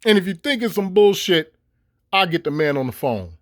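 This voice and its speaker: Middle-aged man with a high, dry voice; cussing, stop-start vlog rant. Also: normal speed, no echo. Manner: animated and swearing, with laughs and repeated stammered restarts. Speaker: vlogger. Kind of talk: profane ranting monologue.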